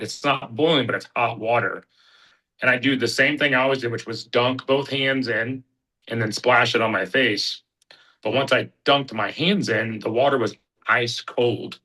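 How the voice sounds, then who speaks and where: A man from Kansas City, a bare-knuckle fighter, speaks as a guest on a talk show. His voice is strikingly bright and sharp, set at an ordinary male pitch. He tells his story earnestly and from the heart, with halting restarts. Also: poor audio. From Kansas City, USA. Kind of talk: personal testimony in casual conversation.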